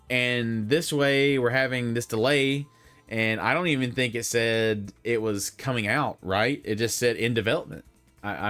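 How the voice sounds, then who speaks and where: A man's voice: mid-range voice, fairly bright tone. A young man rambling through casual opinions on video games, full of fillers and self-corrections. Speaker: gaming commentator.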